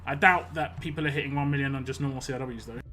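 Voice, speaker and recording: Speaking fast in a medium-pitched, fairly even voice with a sharp tone, a British streamer rambles chattily over his mobile game and reads out comments from chat.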